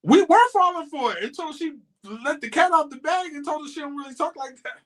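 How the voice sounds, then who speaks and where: A man's voice: extremely high pitch, expressive, a little fast, a bit bright. A man co-hosting a casual chat show, adding wry, joking remarks about a reality dating series. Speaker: podcast co-host.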